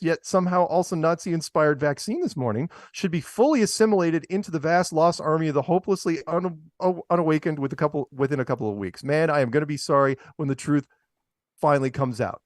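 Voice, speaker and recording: A man's voice: fairly high pitch, no echo, studio quality. A man co-hosting a talk show, reading news items aloud and mocking them with sarcastic asides. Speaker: podcast co-host. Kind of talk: casual commentary on news clips.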